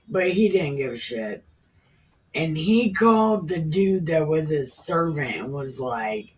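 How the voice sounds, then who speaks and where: A woman in her thirties reading scripture at an unhurried pace and breaking in with crude, irreverent asides. She sounds set back from the microphone. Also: deep voice, animated. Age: 30s. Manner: irreverent, profane, slangy paraphrase. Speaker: reader. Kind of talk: casual scripture reading with commentary. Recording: distant from the mic.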